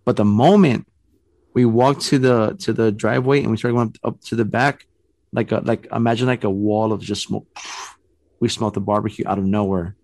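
A man's voice: on the low side, fairly even intonation, brisk, a little mellow, no echo. A man casually telling a spooky story in a rambling way, filling it with "man" and "bro" and often restarting his sentences.

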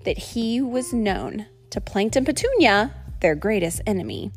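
A woman reading a children's story aloud in an expressive, animated way. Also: mid-range voice, unhurried, soft background music.

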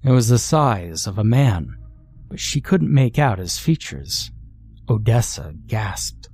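Slow, measured horror narrator, man. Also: lowish voice, big pitch swings, a little mellow, breathy edge. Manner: slow, measured, dramatic storytelling.

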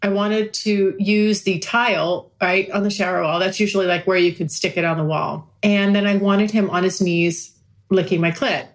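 A woman's voice: medium pitch, fairly even intonation, moderate pace. A woman hosting a podcast, talking frankly and profanely in a casual monologue and laughing often. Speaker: podcast host.

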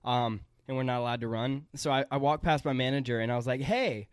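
A man's voice: medium pitch, steady tone, fast, clear, resonant tone, no echo, clean studio sound. A young man co-hosting a podcast, telling a story in a laid-back way and laughing as he talks. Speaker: podcast co-host. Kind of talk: casual chat.

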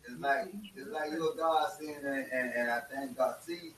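Slangy man stammering a shout-out. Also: medium pitch, fairly even intonation, moderate pace. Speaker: guest giving a tribute. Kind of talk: casual heartfelt speech. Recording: roomy, distant, hissy call audio.

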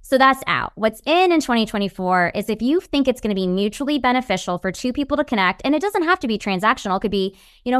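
Female interview guest, smooth mid voice, upbeat advice, dry close mic. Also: on the high side, quick pace, hardly any pauses, dry recording. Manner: upbeat, animated, gives advice. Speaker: guest, networking expert. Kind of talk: casual interview chat.

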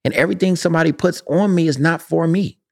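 Soft-spoken reflective man, close-miked. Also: fairly high pitch, quick pace, vocal fry. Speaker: podcast co-host. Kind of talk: casual podcast chat. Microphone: close to the mic.

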